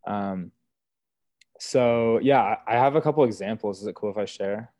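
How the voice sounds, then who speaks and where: A man's voice: on the low side, moderate pace, a little mellow, dry recording. A young man telling stories from his work as a wilderness therapy guide in casual, earnest podcast talk, full of "like" and "you know". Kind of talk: casual conversational storytelling.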